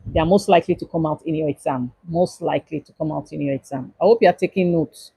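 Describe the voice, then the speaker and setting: Lecturer, husky. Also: medium pitch, quick pace, dark tone, no echo, rough recording. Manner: repetitive, emphatic instructions to students. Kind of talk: exam-review livestream lecture.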